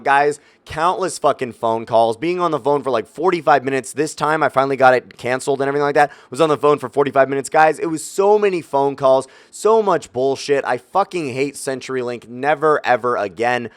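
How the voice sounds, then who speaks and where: Fast-talking young man ranting, dry sound. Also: medium pitch, clear, resonant tone, dry recording. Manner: profane, exasperated ranting; addresses viewers directly. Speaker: YouTube gaming creator. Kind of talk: casual storytelling rant.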